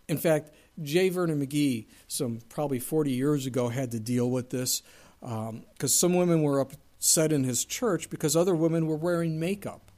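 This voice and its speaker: A man's voice: a little high, moderate pace, mellow. Man preaching a casual, chatty sermon. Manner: conversational preaching with asides and humor. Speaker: pastor.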